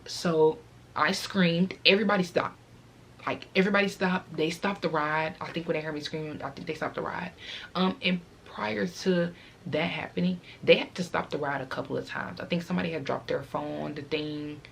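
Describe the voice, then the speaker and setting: A woman's voice: deep voice, fairly even intonation, fairly quick, gravelly, slight background noise. A teenage girl vlogger telling a casual, rambling storytime, fighting back tears as she talks.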